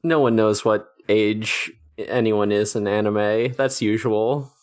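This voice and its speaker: A man's voice: fairly low pitch, steady tone, slow pace, darkish tone. A man co-hosting an anime podcast, sardonic and loose with swearing, recapping the plot at length. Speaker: podcast co-host. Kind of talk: casual chat about an anime episode.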